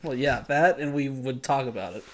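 A man's voice: mid-range voice, fairly quick. A man co-hosting a podcast, chatting casually as he recaps an episode, joking, laughing often and poking fun at himself. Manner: jokey, laughs often, self-mocking. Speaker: podcast co-host.

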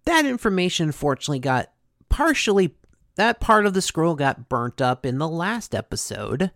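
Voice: mid-range voice, very animated, moderate pace, a bit bright, no room sound, studio quality. A host casually recapping a cartoon episode, chatty, with many fillers and asides.

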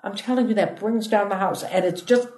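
A woman, a comedian telling stories in an interview with a chatty, lively manner that swoops up for emphasis. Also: medium pitch, fairly quick, a little hiss or hum. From United States (Ohio). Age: 80s. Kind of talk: animated interview storytelling. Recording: echoey room.

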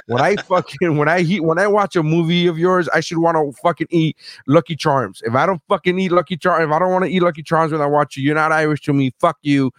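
A man's voice: a little high, fast talker, a bit bright, no room sound, studio quality. A man hosting a casual podcast, rambling and joking with lots of swearing. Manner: profane, rambling, joking rants. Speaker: podcast host.

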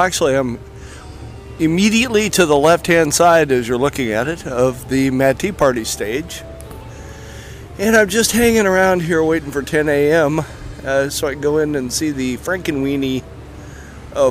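A man hosting a podcast in a casual, rambling way with many filler uhs, partly recorded outdoors at a theme park. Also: on the high side. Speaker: podcast host.

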